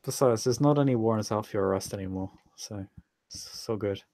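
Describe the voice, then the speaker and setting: A man's voice: lowish voice, fairly quick, dark tone, no echo, studio quality. A man running a tabletop role-playing game as game master, playful and stammering, narrating and voicing characters in a casual way. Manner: stammering, playful, laughs often.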